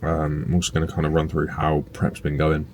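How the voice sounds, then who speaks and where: A young man chatting casually to camera in a relaxed, rambling way, with fillers and some swearing. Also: very deep voice, brisk, slight background noise. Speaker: bodybuilding vlogger and personal trainer. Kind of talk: casual vlog chat to camera. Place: indoors at home and in a parked car.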